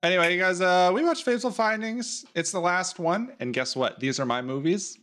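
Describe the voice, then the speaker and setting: A man's voice: sits high, fairly quick, a bit bright. A man hosting a podcast in casual chat, joking and laughing often and tripping over his words. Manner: jokey, laughs a lot, stumbles over words. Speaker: podcast host.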